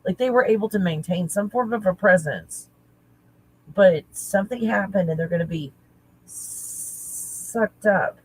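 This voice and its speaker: A woman talking casually as a spiritual teacher, halting and searching, correcting herself often. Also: medium pitch, a little mellow, slightly rough, poor audio. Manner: halting, searching, self-correcting with nervous laughs. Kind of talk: casual channeling talk.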